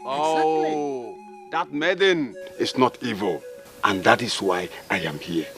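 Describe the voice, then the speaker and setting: A man playing a calm, dignified envoy from a neighbouring village, speaking slowly and solemnly. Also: medium pitch, soft background music. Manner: slow, measured, solemn.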